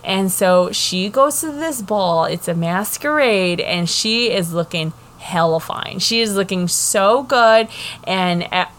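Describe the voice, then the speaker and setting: A woman's voice: medium pitch, animated, slow pace, fairly bright tone. A woman hosting a casual book chat, recapping the plot in a chatty way, with frequent swearing and fillers. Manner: chatty, profane, lots of fillers.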